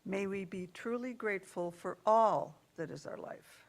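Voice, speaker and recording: A woman leading a church worship service, speaking gently and reading out joys and sorrows from the congregation. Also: mid-range voice, measured pace.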